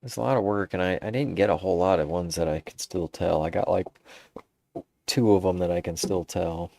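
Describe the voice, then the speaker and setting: A man's voice: sits low, brisk, gravelly, a little mellow, dry recording. A man musing aloud in a meandering, casual monologue, restarting his sentences as he thinks.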